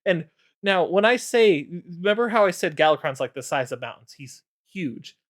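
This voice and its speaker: A man's voice: sits high, animated, normal speed. A man streaming, casually recapping game lore with lots of fillers.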